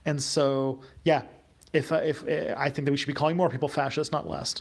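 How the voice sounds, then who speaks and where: A man's voice: fairly high pitch, flat delivery, a little fast, creaky, husky. A man hosting a livestream, reading out viewer questions and answering them off the cuff, with a hesitant delivery full of fillers and restarts. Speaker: YouTube host.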